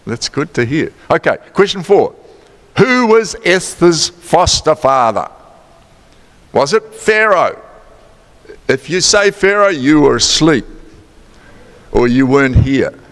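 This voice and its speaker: Medium in pitch and fairly bright in tone, a New Zealand man preaches to a congregation in a church sanctuary, chatty and playful, posing questions and making teasing comments. The recording carries a long church-hall reverb.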